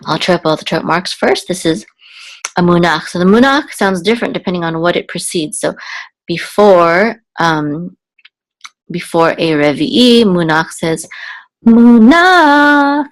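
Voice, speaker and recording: A woman teaching Biblical Hebrew reading, explaining slowly with fillers and self-corrections, then chanting the marks in a higher sung voice. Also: expressive, poor audio.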